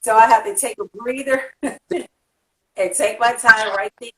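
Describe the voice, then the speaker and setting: A woman from Atlanta, hosting a casual interview in an excitable, rambling way with quick laughs. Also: on the high side, distant mic. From Atlanta, USA. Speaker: host. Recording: echoey room, away from mic.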